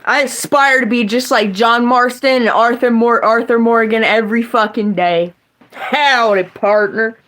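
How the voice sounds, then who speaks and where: A woman's voice: on the high side, steady tone, moderate pace, few pauses, fairly bright tone, rough recording. A young woman with a West Virginian accent, chatting casually and rambling on a livestream from her home kitchen, swearing freely as she talks to viewers.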